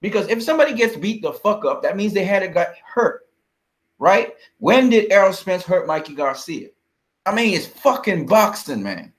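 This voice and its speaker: A fired-up man with a slightly higher-pitched voice, swearing hard as he rants about a fight. He talks confrontationally, hurling insults and firing off questions at his critics in blunt commentary. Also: very animated, moderate pace. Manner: heated, profane, confrontational. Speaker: boxing vlogger.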